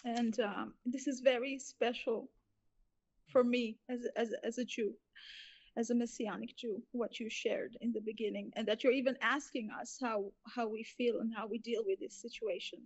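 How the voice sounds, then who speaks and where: Israeli woman in her forties, Hebrew native, fairly high voice, halting emotional testimony, dull muffled audio. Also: fairly even intonation, slightly rough. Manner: halting, emotional, with repeated restarts. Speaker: interview guest.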